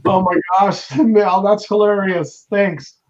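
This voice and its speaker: A man's voice: high voice, steady tone, slow, a little mellow. A man hosting a casual livestream chat, easygoing and laughing along with his guest. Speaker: livestream host. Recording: dull lo-fi audio.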